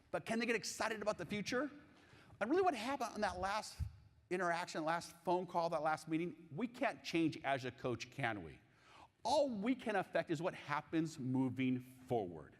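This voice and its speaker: A man giving a live conference keynote on coaching, animated and jokey, asking the audience questions. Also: sits high. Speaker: keynote speaker on sales coaching. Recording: long hall reverb.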